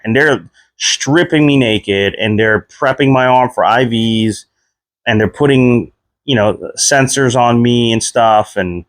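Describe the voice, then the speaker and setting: A man in his thirties casually telling a personal story, leaping up in pitch whenever he replays his own reactions. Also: no room sound, clean studio sound. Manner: animated retelling, voice jumps high when quoting himself. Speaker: vlogger.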